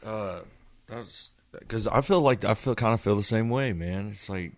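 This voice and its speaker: A man's voice: on the low side, moderate pace. A man chatting casually on a podcast in a loose, laughing way, often stopping and restarting his sentences.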